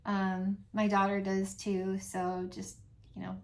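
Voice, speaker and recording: A middle-aged woman hosting her channel chats casually with viewers in a soft-spoken, medium-pitched voice, pausing often and giving frequent little laughs. Her delivery is completely flat.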